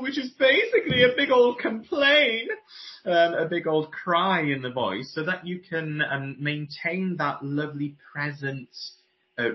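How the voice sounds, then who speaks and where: A man who is a classical baritone and voice teacher, explaining and demonstrating vocal exercises in a podcast interview. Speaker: voice teacher and guest. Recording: dull lo-fi podcast audio.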